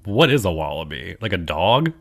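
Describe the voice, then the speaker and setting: Young man, hoarse, very low voice, laid-back drawl, podcast host chatting. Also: big pitch swings, moderate pace, a bit bright. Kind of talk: casual chat.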